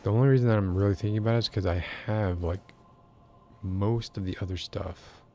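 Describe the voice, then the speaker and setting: A soft-spoken man chatting casually and rambling while streaming a video game. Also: fairly low pitch, steady tone, brisk, a little hiss or hum. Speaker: game streamer and ASMR creator. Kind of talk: casual livestream chat while gaming.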